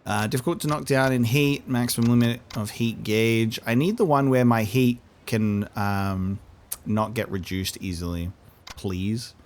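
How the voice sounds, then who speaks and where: A man's voice: medium pitch, unhurried, slight background noise. A man hosting a let's play, chatting casually and jokily while he thinks aloud through a game. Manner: animated, jokey, thinks aloud. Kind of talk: casual gameplay commentary.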